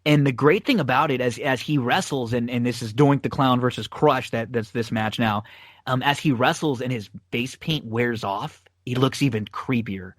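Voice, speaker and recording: A man's voice: mid-range voice, normal speed, no room sound. Guy hosting a podcast, rambly, lots of um and you know, dry mic sound. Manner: rambling, many fillers and restarts, laughs often. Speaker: podcast host. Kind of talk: casual wrestling rewatch chat.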